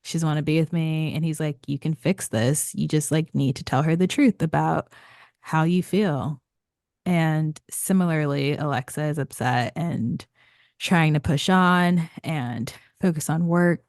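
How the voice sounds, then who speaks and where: A woman with a very low, gravelly voice recaps a novel in relaxed podcast chat. She sounds dry and close to the mic and drops wry asides. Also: measured pace, no echo. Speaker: podcast co-host. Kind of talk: casual book recap chat.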